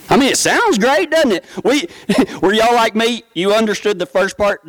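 Middle-aged West Texas preacher, down-home joking delivery, high-pitched voice, dry recording. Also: male voice, moderate pace, dry recording, low-quality recording. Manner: storytelling, down-home, joking with congregation. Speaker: pastor. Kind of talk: folksy sermon.

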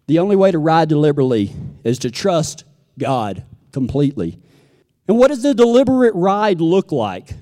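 Delivering a sermon in a folksy, story-rich style, this Texan man acts out people's quotes in a fairly high, mellow voice that swings widely in pitch at a normal speed. The recording carries a long hall reverb.

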